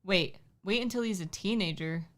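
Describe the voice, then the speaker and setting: A woman's voice: medium pitch, normal speed, fairly bright tone. A woman in her thirties co-hosting a casual livestream, chatty and teasing, reading viewer comments aloud. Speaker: livestream co-host. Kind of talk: casual chat.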